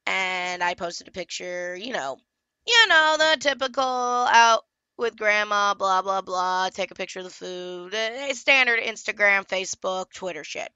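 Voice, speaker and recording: A woman's voice: medium pitch, unhurried, bright, forceful tone, clear, resonant tone, no room sound, muffled recording. A young woman venting in a casual vlog rant, exasperated and swearing as she talks into a desktop mic. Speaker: comic book colorist and vlogger.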